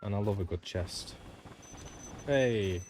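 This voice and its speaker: A man's voice: fairly low pitch, takes it slowly, darkish tone, slight background noise. A man chatting casually with viewers while streaming a game, rambling from topic to topic with mild swearing. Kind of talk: casual gameplay commentary.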